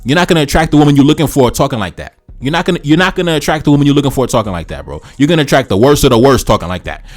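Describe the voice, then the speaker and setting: A man's voice: mid-range voice, animated, racing, few pauses, soft background music. A man hosting reaction commentary in a preachy, repetitive way, often calling the listener brother. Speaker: commentary channel host.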